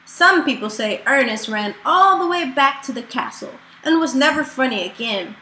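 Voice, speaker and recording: A woman reading a children's picture book aloud in a slow, expressive storytelling manner, in an echoey room. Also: high voice. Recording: echoey room with faint noise.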